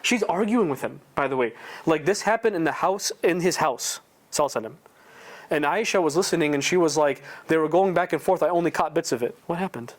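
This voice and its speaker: Male religious teacher, slightly raised pitch, rapid and conversational, casual lesson. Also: lively intonation. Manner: conversational, asks the audience rhetorical questions. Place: indoor community prayer center.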